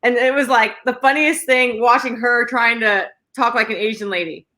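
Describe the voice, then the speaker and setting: Bright, excitable woman podcast co-host. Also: a little high, moderate pace. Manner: excitable, swears freely, laughs while talking. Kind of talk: casual podcast chat.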